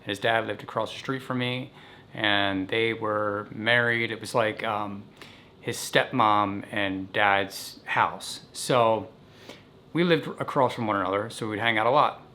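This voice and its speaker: Bright-voiced man telling a story. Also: fairly low pitch, unhurried, a little hiss or hum. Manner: animated, vivid recounting. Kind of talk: casual storytelling vlog.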